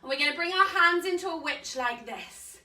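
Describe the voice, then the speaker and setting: A woman's voice: high voice, expressive, fairly quick, sharp tone. A woman leading a live kids yoga class, reading a story aloud with cheerful, encouraging instructions. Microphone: live stream camera mic at a distance. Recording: echoey room, mic at a distance.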